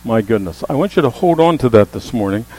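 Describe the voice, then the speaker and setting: A man preaching a sermon as a pastor, with emphatic calls that rise to the congregation and a low hum under the voice. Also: animated, fast talker, darkish tone, rough recording. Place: church sanctuary.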